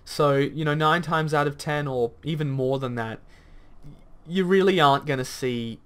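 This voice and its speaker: Ranting through a gaming reaction video he hosts, this man argues bluntly, swears now and then and fills his rambling with lots of fillers. He speaks at a moderate pace in a smooth, slightly bright voice on the high side.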